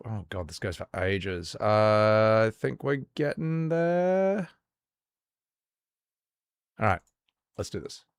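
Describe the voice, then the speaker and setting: A man's voice: lowish voice, takes it slowly, long pauses, clear, resonant tone, dry recording, studio quality. A man, casually chatting on a live stream and reacting with exclamations and stammering restarts.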